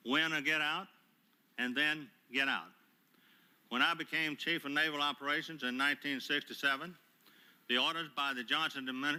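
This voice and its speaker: An older man, a retired admiral, giving prepared testimony at a hearing in a formal, measured way with frequent hesitant pauses, speaking into a table microphone. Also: mid-range voice, pushed and bright, clear, resonant tone. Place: hearing room.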